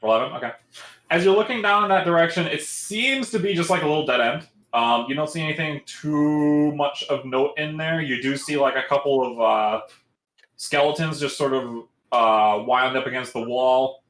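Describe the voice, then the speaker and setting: A man's voice: fairly high pitch, moderate pace, a bit bright, echoey room, low-quality recording. A man narrating as game master in a loose, casual way, full of fillers.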